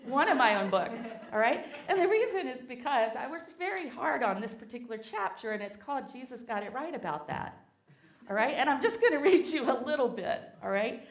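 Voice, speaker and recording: A woman's voice: sits high, very animated, brisk. A woman with a Southern US accent giving a playful sermon in a church, getting the congregation to repeat phrases with her. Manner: playful, leads the congregation in call-and-response. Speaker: guest speaker. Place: church sanctuary. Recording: echoey sanctuary.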